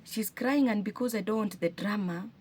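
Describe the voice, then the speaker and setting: Woman, Kenyan accent, single-mom vlogger, earnest, emotional, restarts sentences, mid pitch, faint background hiss. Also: moderate pace, darkish tone. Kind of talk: personal storytelling to camera.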